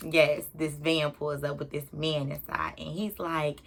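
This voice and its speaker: A young adult woman telling a personal story to her viewers in an animated, chatty way. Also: low voice, a little slow, creaky. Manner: animated, talks straight to viewers. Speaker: YouTuber. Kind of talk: storytime vlog.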